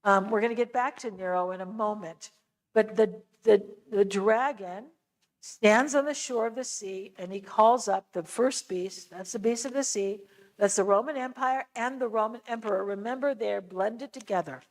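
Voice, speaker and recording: A woman's voice: medium pitch, normal speed, low-quality recording. An American woman giving a conversational church lecture on scripture, explaining with casual asides. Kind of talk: church adult-education lecture.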